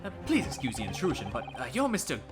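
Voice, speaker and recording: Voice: medium pitch, wildly swooping pitch, fast. A streamer voicing a polite, hesitant young male lawyer in a game, with game music behind.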